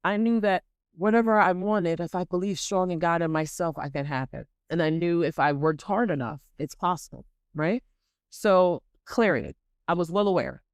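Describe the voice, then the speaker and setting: A woman hosting a podcast who gives an animated, dramatic motivational faith talk and repeats points for emphasis. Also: on the low side, normal speed, clean tone, no echo, studio quality. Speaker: podcast host.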